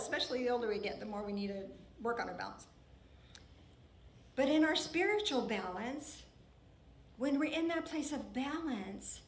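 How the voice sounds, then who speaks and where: A woman's voice: fairly high pitch, a little hiss or hum. A woman minister giving an earnest, emphatic sermon in a church, often repeating her phrases for weight. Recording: roomy church hall with faint ambience.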